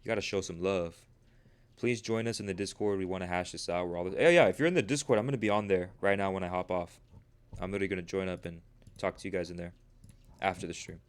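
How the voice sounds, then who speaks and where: Casual young man with a smooth voice. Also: deep voice, fast talker. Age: 20s. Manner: casual, peppered with "right?" and "bro"; earnest, motivational. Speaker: trading livestream host. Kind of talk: casual livestream chat.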